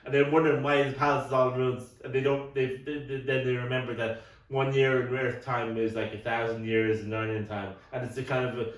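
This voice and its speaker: Picked up on a distant mic in a roomy space, this middle-aged podcast co-host talks fairly quickly in a medium-pitched, level voice. His casual chat rambles along, tripping over repeated words, with the occasional cough.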